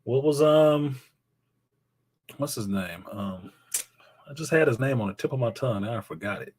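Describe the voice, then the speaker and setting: A man's voice: mid-range voice, animated, moderate pace, darkish tone, a little hiss or hum, poor audio. A man hosting a live stream, chatting loosely with viewers, joking, swearing and reading out their messages. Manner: swears freely, slangy. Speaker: livestream host.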